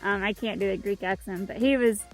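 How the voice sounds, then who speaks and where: A woman's voice: mid-range voice, steady tone, brisk, soft background music. A young woman co-hosting a vlog, telling a story in a casual chat, full of "like" and "um". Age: young adult. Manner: chatty, many fillers like "like" and "um". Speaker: vlog co-host.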